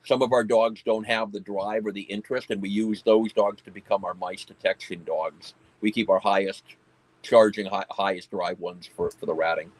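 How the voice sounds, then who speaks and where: Low-voiced man explaining his work plainly. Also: fairly even intonation, normal speed, rough recording. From United States. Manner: plain, matter-of-fact explaining. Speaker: pest control company owner and dog handler. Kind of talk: casual conversational interview.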